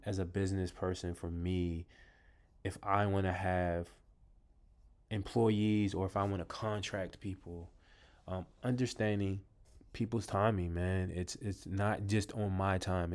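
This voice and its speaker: A man with a fairly low voice talks casually to his viewers about books he loves. He rambles, fills pauses with ums and restarts his sentences. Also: level tone, darkish tone. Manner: addresses viewers as "you guys". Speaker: vlogger reviewing books. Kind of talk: casual talk to camera.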